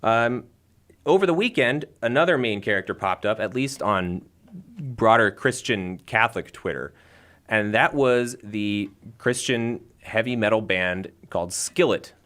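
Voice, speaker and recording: A young man from San Diego, co-hosting a live-streamed show in a jokey, animated, mock-grandiose way. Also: fairly low pitch, unhurried. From San Diego, USA. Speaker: co-host. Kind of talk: casual live-stream chat.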